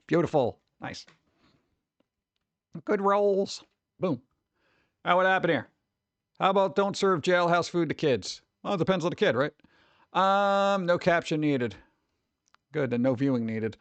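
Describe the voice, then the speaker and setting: A man's voice: on the high side, sing-song, a little slow, long pauses, fairly bright tone, dry recording. A man from New York streaming casually, reacting to chat with sarcastic, mumbled asides.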